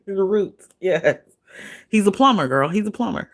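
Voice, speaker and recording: Woman livestream host, casual gossip commentary; blunt, profane, chatty, quick to laugh. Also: medium pitch, expressive.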